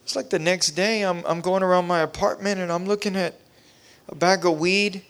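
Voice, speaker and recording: A man's voice: high-pitched, fairly even intonation, moderate pace, smooth. A man preaching a revival sermon, telling his own testimony with impassioned, repetitive preacherly cadence. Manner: impassioned, rising to near shouting. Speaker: pastor.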